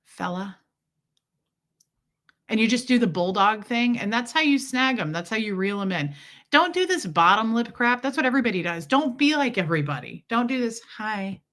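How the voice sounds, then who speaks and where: A woman's voice: fairly high pitch, very animated, moderate pace, fairly bright tone. A woman hosting a casual livestream from home, telling a rambling story and greeting viewers. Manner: rambling, chatty storytelling with asides to viewers and pets. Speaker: livestream host.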